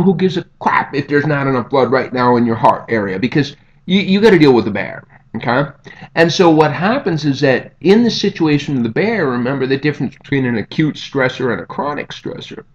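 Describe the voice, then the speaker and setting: A man giving a recorded lecture over slides in a conversational way, often checking in with "okay?" and "right?". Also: on the high side. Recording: dull lo-fi audio.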